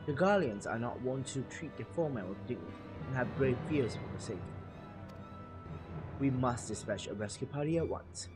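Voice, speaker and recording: A man's voice: mid-range voice, animated, normal speed, lightly acted. A man voicing a stern resistance commander from a game, reading formal, commanding lines aloud with game music behind. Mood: grave.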